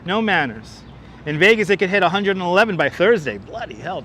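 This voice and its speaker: A chatty man hosting a walking livestream on a city street, with a high, bright voice. He jokes along as he reads comments aloud. A clip-on mic catches him, with faint traffic noise behind. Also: sing-song, fairly quick. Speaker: livestream host. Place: outdoors on a city waterfront street. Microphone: wireless clip-on mic.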